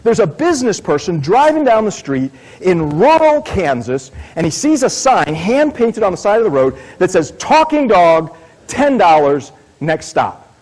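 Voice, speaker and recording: Brief: middle-aged male keynote speaker, husky voice, high and very lively, casual and jokey. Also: moderate pace, rough recording. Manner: animated, casual, joking. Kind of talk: conference keynote talk.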